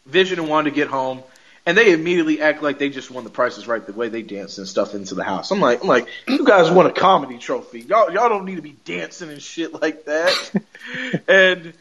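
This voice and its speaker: Man, podcast host, casual recap, frequent laughter, high voice, dull lo-fi audio. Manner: animated retelling with frequent laughter and quoted lines.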